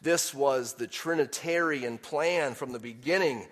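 A man preaching a sermon, swinging from quiet, measured explanation to loud, impassioned peaks when he quotes scripture. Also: mid-range voice. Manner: impassioned preaching, rising to near shouts on quotes. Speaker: pastor.

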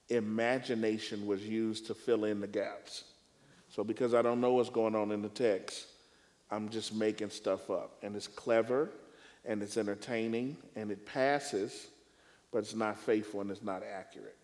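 A male preacher speaking in a panel discussion on preaching, with a measured, emphatic, deliberate way of phrasing. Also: lowish voice, a little mellow, long reverb tail.

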